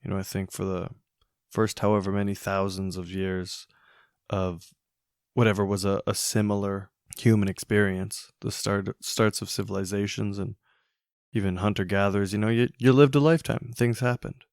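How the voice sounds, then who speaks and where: A man hosting a solo podcast, thinking aloud in a musing, hesitant way with many pauses and restarts. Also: fairly low pitch, fairly even intonation, a little mellow, smooth, no room sound, studio quality. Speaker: podcast host. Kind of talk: reflective solo podcast monologue.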